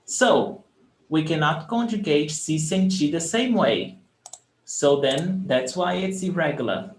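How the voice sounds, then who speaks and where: A man with a fairly high, animated voice teaches verbs slowly in a live online Portuguese lesson, patiently explaining and repeating his examples. The recording picks up room echo and faint background noise.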